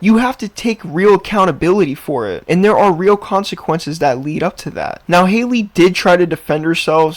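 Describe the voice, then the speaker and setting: A man hosting a commentary vlog, talking to his viewers in an animated, exasperated rant. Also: fairly high pitch. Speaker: commentary channel host.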